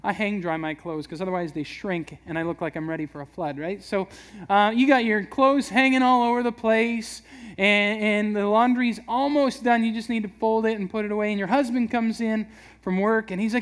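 A man with a high voice preaches in a relaxed, chatty way. He slips into quick little voices to act out everyday scenes. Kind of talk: casual sermon.

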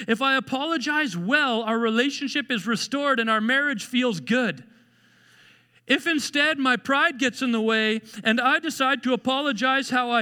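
A male pastor preaches in a very high, bright, forceful voice, with long hall reverb on the recording. His sermon is conversational and self-deprecating, and he acts out mock apologies.

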